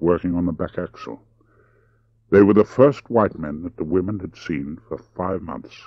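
A man reads a novel aloud in a deep, low voice with a lively, expressive rise and fall. His delivery shifts freely from line to line. The recording is dry and close but slightly muffled. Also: gravelly, no echo. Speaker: audiobook narrator. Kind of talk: scripted audiobook narration.

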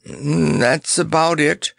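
A man's voice: a little high, very slow, vocal fry, a bit bright, no echo, studio quality, voice pushed up, exaggerated voice. A man voicing a brave male clown in a storybook, speaking in a jokey, slightly shaky way. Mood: brave joking.

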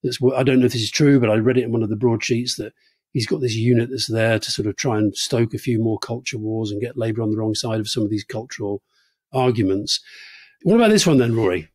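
A man's voice: medium pitch, quick pace, a little mellow, slightly rough, no echo. A man in his sixties co-hosting a conversational political podcast, earnest and reflective. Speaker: podcast co-host.

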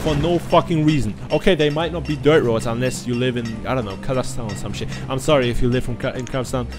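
Man, German native speaker, casual gaming commentary, profane, self-mocking, soft music behind. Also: mid-range voice, fast. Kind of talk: casual let's-play commentary.

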